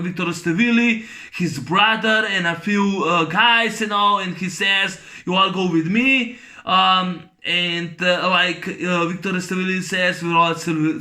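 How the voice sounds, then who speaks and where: A man giving a casual spoken film review, halting, with many ums and restarts, and blunt, with free swearing. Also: high-pitched, sharp tone. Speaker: movie reviewer.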